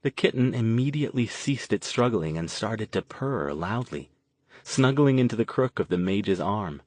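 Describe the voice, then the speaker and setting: A man narrating an audiobook in a steady, even storytelling manner. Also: fairly low pitch, moderate pace, no echo. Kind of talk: scripted narration.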